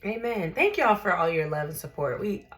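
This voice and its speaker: A woman's voice: on the low side, big pitch swings, normal speed, a bit bright. A woman hosting a casual livestream chat as a tarot reader, chatty and laughing, reading out viewer comments.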